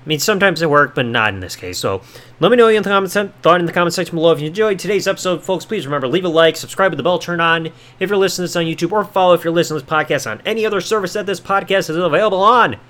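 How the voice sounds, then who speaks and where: A man's voice: high voice, rapid-fire, fairly bright tone. A man hosting a podcast, reviewing a wrestling show in a casual way, swearing and making sarcastic asides. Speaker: podcast host.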